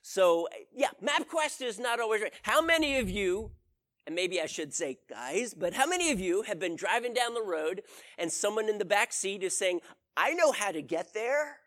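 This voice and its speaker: A man's voice: sits high, expressive, normal speed, fairly bright tone. A man giving a conversational sermon as a preacher, telling stories and putting questions to his audience. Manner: storytelling, asks the audience questions.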